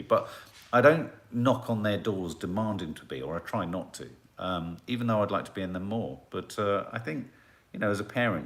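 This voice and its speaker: A middle-aged man, hosting a casual live chat and musing as he reads out viewer comments. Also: low-pitched.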